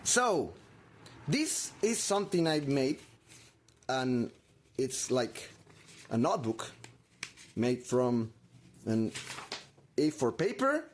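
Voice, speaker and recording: A man giving a theatrical craft tutorial, halting and melodramatic, talking to himself with mock anxiety. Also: on the high side. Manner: halting, many restarts.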